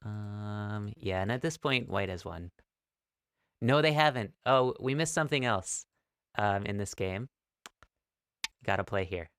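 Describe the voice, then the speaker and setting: Low gravelly guy teaching beginner go, easygoing and jokey, dry close mic. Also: unhurried, pauses often, dry recording. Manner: relaxed, encouraging, playful. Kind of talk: casual online lesson.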